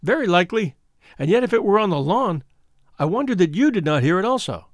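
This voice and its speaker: A man reading the part of a frightened young woman who recounts her twin sister's death, in an earnest, measured storybook telling. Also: sits high, sing-song, no room sound, studio quality. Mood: anxious. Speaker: audiobook reader.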